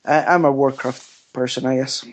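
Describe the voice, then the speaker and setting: A man's voice: medium pitch, steady tone, normal speed. A man from Sweden being interviewed about games, answering in a hesitant, plain-spoken way. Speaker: game studio guest.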